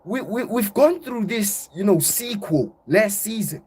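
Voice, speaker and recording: A young man hosting casual football banter, ranting loudly and animatedly, packing his talk with slang and repeated "bro". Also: high-pitched, animated, a little slow, husky. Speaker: football channel host.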